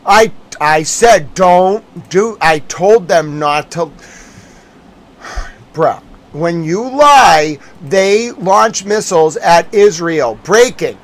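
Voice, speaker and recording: A man's voice: high voice, expressive, very slow. A man live-streaming his reaction to the news, ranting, swearing and repeating himself.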